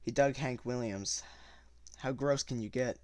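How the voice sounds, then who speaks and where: A man's voice: mid-range voice, unhurried, darkish tone, dry recording. Man reading a novel aloud, stumbling. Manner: stumbling and self-correcting. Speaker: reader.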